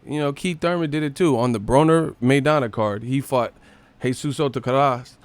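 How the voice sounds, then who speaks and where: A man's voice: mid-range voice, moderate pace, dry recording. A man hosting a live stream, ranting casually about boxing with a lot of swearing. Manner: profane, ranting, animated.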